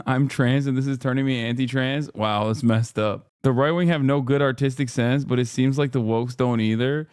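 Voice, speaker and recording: A man's voice: medium pitch, fairly even intonation, normal speed, hardly any pauses, clear, resonant tone, dry recording, studio quality. A man streaming, reacting to clips in casual, sarcastic commentary, repeating himself and laughing often.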